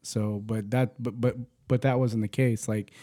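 A man recounts his army training days in a loose, profane conversational style. His voice is mellow and darkish, recorded dry and close. He stumbles and restarts often as he talks. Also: on the low side, fairly even intonation, a little slow, dry recording. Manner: profane, rambling, frequent restarts. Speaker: guest, army veteran. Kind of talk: casual storytelling.

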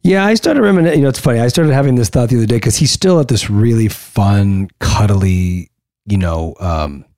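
A middle-aged man co-hosting a casual podcast, speaking in a relaxed, easygoing way. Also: fairly low pitch, fairly quick, dry recording, studio quality. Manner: relaxed, easygoing, a few fillers. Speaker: podcast co-host. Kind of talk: casual chat.

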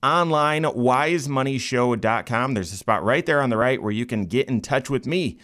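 A man hosting a finance talk show, a financial planner who talks in a lively, joking way with animated emphasis. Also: medium pitch, moderate pace.

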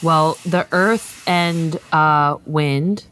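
A woman's voice: deep voice, very slow, a bit bright, clear, resonant tone. A woman in an improv comedy scene who plays a bossy, exasperated yoga instructor and swears.

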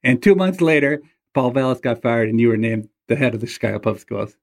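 Animated male storyteller host. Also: medium pitch, fast, creaky. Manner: animated storyteller, acts out quoted voices. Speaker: podcast host. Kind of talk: storytelling interview.

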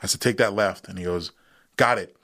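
A man with a lowish voice tells his story in a casual, animated way. He is a podcast guest who jumps into the voices of the people he is quoting, and his pitch climbs as he does. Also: brisk. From United States. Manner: animated retelling, acts out quoted voices.

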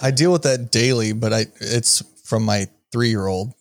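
A man's voice: medium pitch, measured pace, gravelly. A man on a podcast, chatting about his day at home in an easygoing way. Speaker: podcast co-host. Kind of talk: casual chat.

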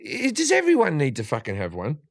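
A man's voice: on the high side, a little fast, gravelly. An Australian man, a guest comedian, chatting casually on a podcast, telling stories and swearing a lot. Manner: sweary, animated storytelling.

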